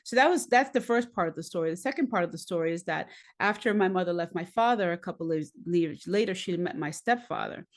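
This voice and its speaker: Lady telling her life story on a podcast, low-ish voice, animated, does the voices. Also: fast, hardly any pauses. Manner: animated, acts out voices and laughs often. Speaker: podcast guest, singer. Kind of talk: candid personal storytelling.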